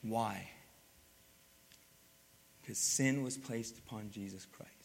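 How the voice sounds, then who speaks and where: A man preaching a sermon as pastor, rising to loud emphatic peaks and dropping to hushed, low passages. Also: takes it slowly, gravelly. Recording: long hall reverb.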